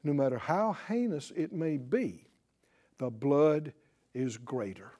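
A man preaching a sermon with passion, swinging from loud exclamations to hushed prayer and leading the listeners in a spoken prayer. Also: a little high, expressive, slow pace. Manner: leads congregation in spoken prayer.

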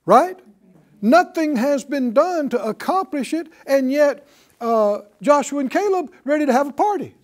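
A man's voice: very high-pitched, lively intonation, a little slow, darkish tone. A man preaching a sermon, asking the congregation questions and acting out quotes. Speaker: pastor.

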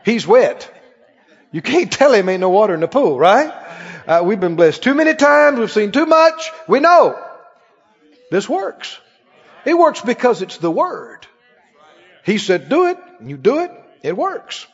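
Man, pastor, emphatic sermon, swinging lively pitch, muffled echoing church hall sound. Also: unhurried, slightly rough. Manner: emphatic, animated preaching with exclamations. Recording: dull recording with long hall reverb.

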